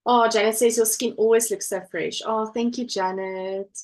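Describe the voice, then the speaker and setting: A woman's voice: fairly high pitch, fairly even intonation, moderate pace, poor audio. A woman hosting a casual crafting live stream from home, chatting and reading viewer comments aloud. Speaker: livestream host.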